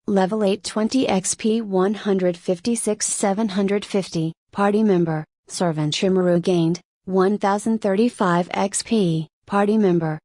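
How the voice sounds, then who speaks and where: A woman voicing a game-like system voice that slowly announces levels and skills in an audiobook. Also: medium pitch, warm tone, no room sound, close to an everyday voice. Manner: slow, measured announcing of stats.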